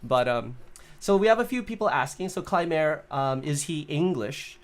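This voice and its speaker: A man's voice: a little high, expressive, moderate pace. A man hosting a casual livestream chat, upbeat and chatty, often laughing. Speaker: livestream host.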